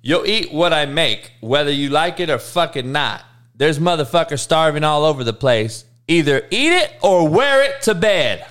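A blunt, gruff old-school father who lays down the law in short profane commands, as a man imitates him. The voice sits high and swings widely in pitch. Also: animated, normal speed, fairly bright tone.

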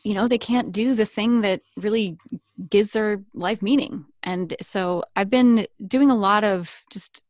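A woman's voice: mid-range voice, measured pace, no room sound, clean studio sound. A woman chatting casually as a podcast guest, laughing often. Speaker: guest, accent impressionist.

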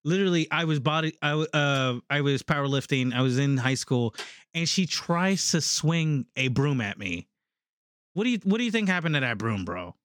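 A man's voice: fairly high pitch, normal speed, no echo, clean studio sound. A man in his thirties telling stories in a casual chat, with lots of "like" and "literally". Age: 30s. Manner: animated storytelling, often says "like" and "literally".

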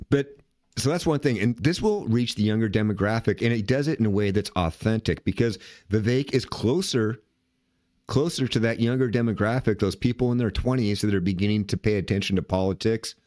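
A man's voice: fairly low pitch, darkish tone, no echo, studio quality. An older man hosting a podcast, giving casual, rambling political commentary full of profanity. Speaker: podcast host.

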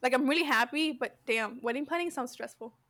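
High-voiced rambling young woman. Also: brisk, a bit bright. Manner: rambling, laughs a lot, says "dude". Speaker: podcast co-host. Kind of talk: casual chat.

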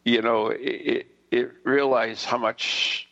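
A man's voice: mid-range voice, fairly even intonation, slow, a bit bright, muffled recording. A man hosting a radio show, chatting casually in a laid-back way. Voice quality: gravelly, husky.

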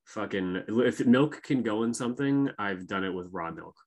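A man co-hosting a casual podcast chat, swearing freely and animated. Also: fairly low pitch, normal speed. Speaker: podcast co-host.

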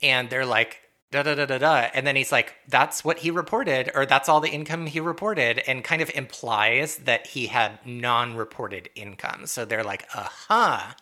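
A woman co-hosting a podcast, chatting casually as she recaps a TV episode, giggling and quoting the characters in quick asides. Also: a bass voice, sharp tone. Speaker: podcast co-host.

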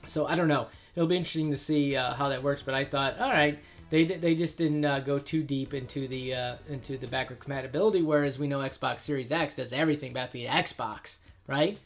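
A man's voice: medium pitch, fairly quick, soft background music. A man hosting a casual gaming podcast, rambling with many fillers and restarts. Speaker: podcast host.

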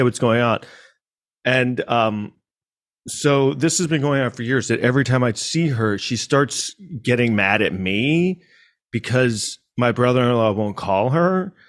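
A man from New York City telling a personal story in a casual monologue, rambling with restarts and asides. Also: mid-range voice.

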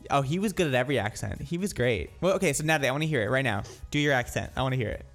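A man's voice: medium pitch, lively intonation, rapid-fire, a bit bright, soft background music. A young man from Ireland co-hosting a radio show, chatting casually and rambling with lots of restarts. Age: young adult.

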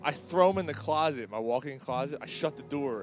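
A man's voice: mid-range voice, a little fast, faint music behind. A man in his thirties co-hosting a casual podcast, telling stories with lots of swearing. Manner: swearing, animated storytelling. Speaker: podcast co-host. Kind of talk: casual sports chat.

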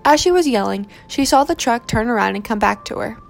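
A woman reading a romance novel aloud in steady, measured narration. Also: fairly high pitch, creaky, soft background music.

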